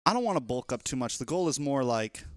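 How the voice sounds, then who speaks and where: A young man, an esports shoutcaster, chatting loosely and playfully as he opens a casual livestream. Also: mid-range voice, sing-song, quick pace, dry recording, studio quality.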